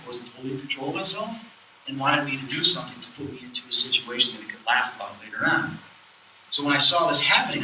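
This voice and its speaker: In a lecture hall at a live event, a medium-pitched man delivers a lecture full of casual stories, performing the quoted dialogue with animation. The sound is echoey and recorded from far off, with slight background noise.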